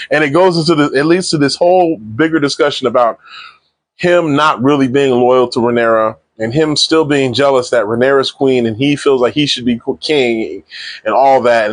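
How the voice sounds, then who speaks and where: Animated man recapping a TV episode. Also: medium pitch, dry recording. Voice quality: animated slangy retelling with acted-out quotes. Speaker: TV show reviewer. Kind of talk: casual recap review.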